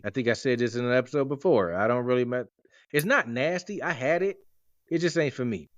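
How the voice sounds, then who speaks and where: A man's voice: medium pitch, a little fast, no room sound. A man in his forties hosting a podcast, telling rambling stories in a joking, casual way. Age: 40s. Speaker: podcast host. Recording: dry, dull lo-fi sound.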